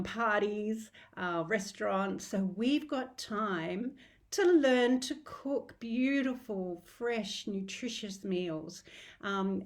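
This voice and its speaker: A middle-aged woman with an Australian accent hosts a diet group in a casual live video talk. She speaks in a heartfelt, encouraging way, with rambling restarts. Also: medium pitch.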